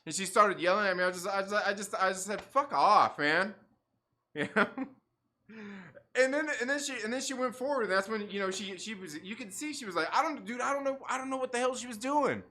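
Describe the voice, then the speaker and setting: A man's voice: high-pitched, quick pace, pushed and bright. A man hosting a casual livestream, rambling and swearing with lots of "like" and restarts, laughing often. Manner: rambling, profane, many likes and restarts; laughs often while talking. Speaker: livestream host.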